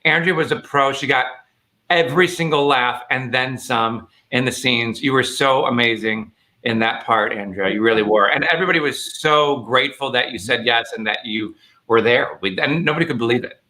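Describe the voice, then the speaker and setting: A man's voice: mid-range voice, normal speed, bright, forceful tone. A man appearing as a guest actor on a video-call chat, gushing with praise for his colleagues. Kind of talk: casual chat on a live stream.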